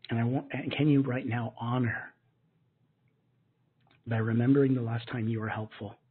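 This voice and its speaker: A man leading a guided gratitude meditation as a spiritual teacher, speaking softly and slowly in a soothing way. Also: mid-range voice, fairly even intonation, breathy edge. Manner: soft, slow and soothing, with gentle repetitions. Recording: muffled lo-fi narrow-band audio.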